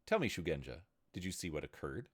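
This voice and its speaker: A man playing a stern, measured warlord. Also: sits low, very animated. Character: stern middle-aged male warlord, calm and measured.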